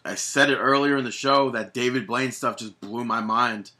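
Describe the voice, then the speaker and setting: A man's voice: mid-range voice, moderate pace, sharp tone. A young man co-hosting a casual podcast, enthusiastic, laughing often and trailing off mid-sentence. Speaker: podcast co-host.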